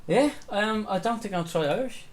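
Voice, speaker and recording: A man's voice: high-pitched, expressive, moderate pace. A man co-hosting a podcast in casual chat, mostly chiming in with short reactions and questions, sometimes stumbling over a word. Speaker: podcast co-host.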